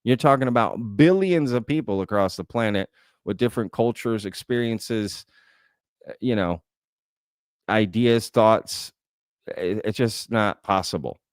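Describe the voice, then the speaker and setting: A man's voice: on the low side, a little slow, clear, resonant tone, no room sound, clean studio sound. A man hosting a livestream Q&A, thinking aloud in a conversational way and often tagging his points with "right?". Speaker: host. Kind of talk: livestream Q&A, reading chat comments.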